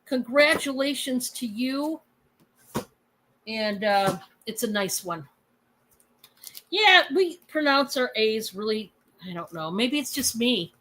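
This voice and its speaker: Bright, high-voiced Michigan woman. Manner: chatty and rambling, laughs often. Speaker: host of a live sales stream. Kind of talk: casual live stream chat.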